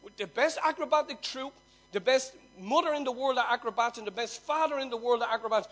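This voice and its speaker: High-voiced man telling a parable. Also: quick pace, faint music behind. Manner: swings from loud emphasis to near-hushed telling. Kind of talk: sermon storytelling.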